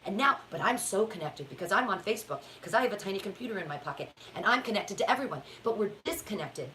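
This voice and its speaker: Brief: sarcastic, swearing woman host, lively pitch swings, faint hiss behind. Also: quick pace, poor audio. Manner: animated, profane, sarcastic. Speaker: podcast host. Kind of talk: casual conversational rant.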